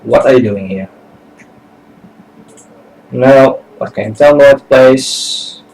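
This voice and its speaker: A man casually commenting on a video game as he plays it, in a relaxed and somewhat hesitant manner. His voice sits at an ordinary middle pitch. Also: slow pace, creaky, low-quality recording. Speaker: let's play host.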